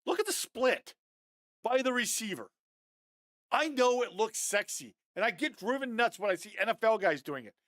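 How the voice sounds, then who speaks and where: A man breaking down football game film on a live stream, animated and fired up, talking straight to his viewers. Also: high-pitched, moderate pace, dry recording, studio quality. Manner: addresses viewers as guys, often adds okay.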